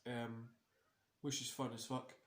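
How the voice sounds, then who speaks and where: A man's voice: mid-range voice, flat delivery, measured pace, fairly bright tone. Tired, rambling man in a roomy room. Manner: rambling, swears freely, many fillers. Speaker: host. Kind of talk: casual wrestling watch-along chat. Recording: roomy echo.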